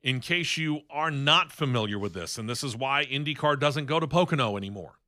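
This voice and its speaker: Bright-voiced man hosting racing talk radio. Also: mid-range voice, expressive, brisk. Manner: opinionated, chatty news rundown. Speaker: radio show host. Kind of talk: casual sports talk radio. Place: radio studio.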